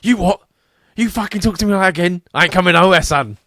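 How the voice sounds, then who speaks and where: A man voicing a rough, abrupt, sweary Cockney butler in a high, loud voice. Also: steady tone, fairly quick. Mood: furious. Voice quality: crude, rough-mouthed, higher and louder than his own voice.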